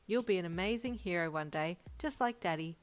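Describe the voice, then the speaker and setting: A woman voicing a kind, gentle female hero who speaks sweetly to a small child. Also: fairly low pitch, lively intonation, brisk, close to an everyday voice. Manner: soft, friendly, talking to a child.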